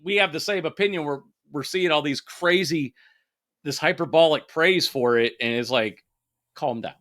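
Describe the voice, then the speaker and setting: A man in his thirties co-hosts a podcast, chatting casually and cursing freely as he animatedly recommends a film. His voice is on the high side at a normal speed.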